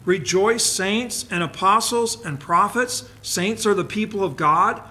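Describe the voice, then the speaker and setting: A man delivers a sermon in a fairly high, bright voice. He takes his time, drawing out phrases and reading scripture with dramatic weight. On key words his voice drops to a near hush. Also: a little slow. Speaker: pastor.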